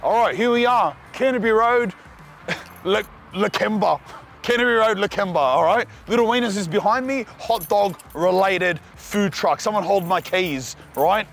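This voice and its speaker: A young man with an Australian accent hosting a casual food vlog outdoors, talking in excited slang to the viewer. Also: high voice, moderate pace, gravelly, faint music behind. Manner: excited slangy banter, calls the viewer cuz and bro. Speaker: food vlogger host. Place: outdoors at street food trucks.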